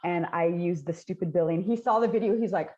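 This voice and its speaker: A woman's voice: lowish voice, fast, lo-fi sound. A woman from Texas with a Texan accent, a guest telling stories in casual conversation and laughing often. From Texas, United States. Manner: laughs often, animated storytelling. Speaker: guest, video creator.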